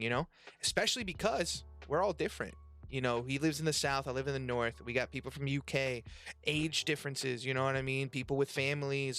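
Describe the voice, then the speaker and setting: A man's voice: mid-range voice, bright, forceful tone. A man hosting a casual podcast, loose and profane, reading chat messages aloud. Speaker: podcast host and restaurant server.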